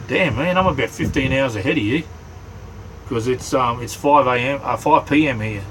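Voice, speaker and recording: A middle-aged Australian man hosting a casual livestream from inside his small camper, rambling in a relaxed way and greeting viewers by name. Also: mid-range voice, normal speed, noisy background. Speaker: livestream host.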